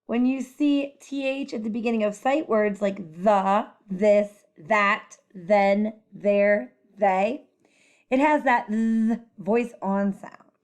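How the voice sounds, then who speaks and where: A woman teacher giving a children's phonics lesson, speaking clearly and encouragingly as she models letter sounds. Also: medium pitch, steady tone, slow, a little mellow.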